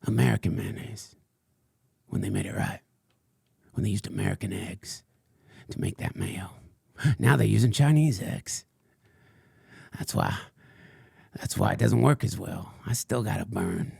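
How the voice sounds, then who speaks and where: A man putting on a gravelly ranting crank. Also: on the low side, unhurried, long pauses, a little mellow, no echo, studio quality, voice pushed down, heavily acted. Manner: rambling, crude, mock-solemn tirade. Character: unhinged ranting male conspiracy crank. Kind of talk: comedic character monologue.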